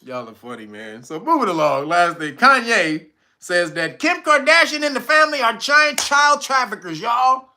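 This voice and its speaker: A man hosting a casual livestream, reading viewer comments and reacting loudly with profanity and frequent laughter. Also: extremely high pitch, big pitch swings, normal speed, a little hiss or hum. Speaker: livestream host reading chat.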